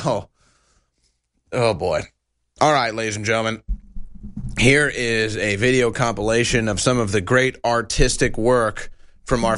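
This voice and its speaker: A man hosting a talk show, giving emphatic, sarcastic commentary with a lively voice. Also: medium pitch. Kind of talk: opinionated commentary.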